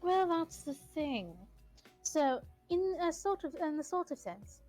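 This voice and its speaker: A woman chatting as a guest co-host on a stream, with deliberate, mock-formal phrasing. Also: high voice, sing-song, darkish tone, soft background music, rough recording. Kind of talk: casual stream chat.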